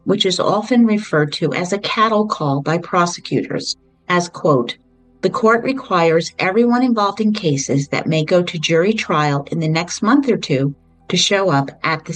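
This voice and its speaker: Low-voiced woman retelling a true-crime story. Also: animated, dry recording, soft background music, rough recording. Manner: measured storytelling with brief personal asides. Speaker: podcast host.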